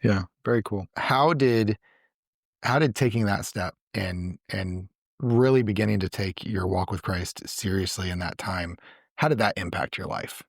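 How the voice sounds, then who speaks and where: A man's voice: on the low side, unhurried, husky, no echo, clean studio sound. A man hosting a casual church interview, affirming his guest and explaining doctrine with lots of restarts and repeated words. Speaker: church podcast host, interviewer.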